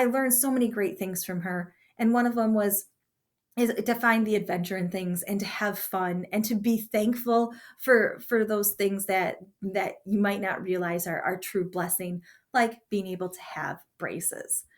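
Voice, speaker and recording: A woman teacher giving a classroom writing lesson and telling a chatty story from her own childhood. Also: mid-range voice. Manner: chatty storyteller with warm asides.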